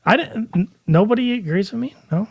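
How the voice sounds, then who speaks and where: A man with a gravelly, slightly raised voice jokes through a casual sports podcast, chuckling and sharing trivia. A faint hiss sits under the call audio. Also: sits high, fairly quick. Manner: jokey, chuckles, offbeat trivia.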